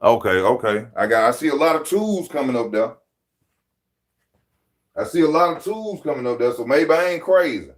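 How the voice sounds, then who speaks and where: Male stream host, brash boxing banter, mid-pitched voice, addresses chat directly. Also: expressive, moderate pace. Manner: loud street-style banter, mocking, talks straight to viewers. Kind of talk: live-stream boxing commentary.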